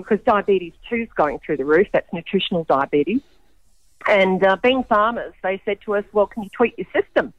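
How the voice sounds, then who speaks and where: A woman's voice: mid-range voice, no room sound. An Australian woman speaks as a guest on a radio show, explaining things in a loose, chatty way full of ums. Her voice comes down a dull, muffled phone line with no room around it. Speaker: guest, food co-op founder. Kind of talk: radio interview.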